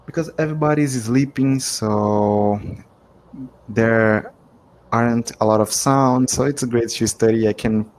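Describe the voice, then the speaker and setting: A man's voice: mid-range voice, measured pace, darkish tone, rough recording. A man from Brazil, whose first language is Portuguese, speaking English with a Brazilian accent on a video call. He laughs often and sometimes hunts for words. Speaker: English learner. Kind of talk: casual conversation practice.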